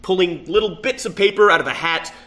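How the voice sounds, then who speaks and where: A man cohosting a comedy podcast, improvising jokey narration excitably. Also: high-pitched, a little fast.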